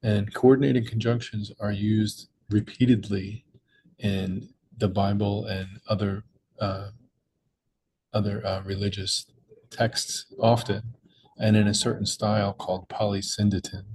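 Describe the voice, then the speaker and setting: Low-voiced man explaining puzzles. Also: level tone, a little slow, darkish tone, slight background noise, rough recording. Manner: patient, explanatory, with small slips and restarts. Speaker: crossword puzzle maker and teacher. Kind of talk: screen-recorded tutorial walkthrough.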